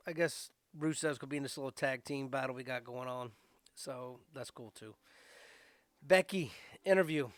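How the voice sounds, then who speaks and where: A man's voice: mid-range voice, a bit bright, dry recording. Chatty man with a dry close sound. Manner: chatty, loose, lots of fillers and asides. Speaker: podcast host. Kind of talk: casual wrestling recap.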